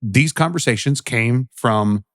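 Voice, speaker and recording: A man in his forties with a weathered, raspy voice from smoking and drinking, co-hosting a casual chat podcast and talking bluntly with plenty of swearing. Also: mid-range voice, slow, a bit bright, dry recording, clean studio sound. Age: 40s. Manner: blunt, swearing, repeats words when starting. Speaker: podcast co-host.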